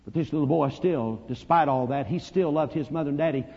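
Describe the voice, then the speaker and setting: A male preacher with a somewhat high, husky voice tells a sermon story, swinging between hushed and loud. The recording is dull and lo-fi, with a long reverb trailing behind him in a church. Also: a little fast.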